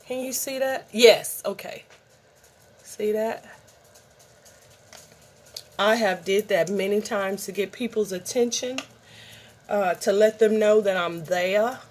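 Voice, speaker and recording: A middle-aged woman talks slowly and casually, rambling as she shows things off to her viewers. Her voice sits mid-pitch, with faint background noise in the room. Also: a little mellow. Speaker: vlogger. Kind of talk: casual show-and-tell vlog.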